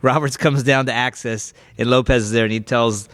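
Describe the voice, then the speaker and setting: A man co-hosting a podcast, telling an animated anecdote and laughing through it. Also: medium pitch, fairly quick. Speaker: podcast co-host. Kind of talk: casual podcast chat.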